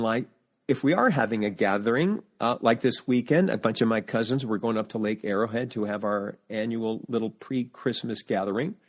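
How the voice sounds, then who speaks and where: Man telling lively stories as a podcast guest. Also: mid-range voice. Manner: animated storyteller, full of family anecdotes; restarts sentences while searching for words. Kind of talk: casual interview chat.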